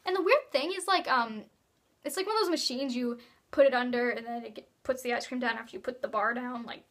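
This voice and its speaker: Teen girl vlogger, high bright voice, giggly rambling chat. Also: fairly quick. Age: teens. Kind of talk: casual vlog chat.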